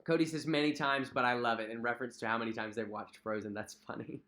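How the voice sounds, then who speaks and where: Young male livestream host, casual and chatty, mid-pitched, lots of ums and repeats. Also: fairly even intonation, quick pace, fairly bright tone. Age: young adult. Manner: chatty, friendly, repeats himself, frequent fillers. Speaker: cruise vlog host. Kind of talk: casual livestream chat reading viewer comments. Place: at home.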